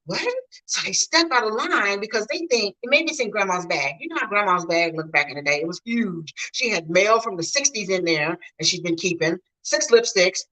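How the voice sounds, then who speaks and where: A woman's voice: medium pitch, normal speed, poor audio. A middle-aged woman from the Mid-US, telling stories casually and chatting straight to her viewers in a home vlog. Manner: chatty, animated, talks to viewers directly. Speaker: vlogger.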